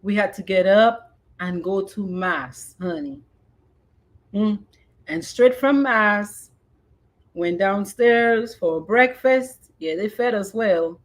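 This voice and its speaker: Slowly and in a mid-range voice, a fifty-something podcast host reads her own memoir expressively, then moves into relaxed conversation dotted with Creole expressions.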